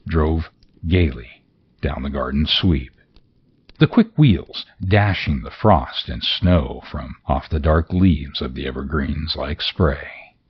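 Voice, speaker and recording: A man reading a classic story aloud as narrator, in an expressive, theatrical manner. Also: a bass voice, slow, muffled recording, slight background noise. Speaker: audiobook narrator. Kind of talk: scripted narration.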